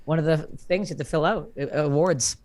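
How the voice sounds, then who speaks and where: A woman's voice: sits low, a little fast, a little mellow. A woman comedian from Canada telling a story in casual podcast chat over a remote call, swearing and laughing as she goes. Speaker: comedian guest.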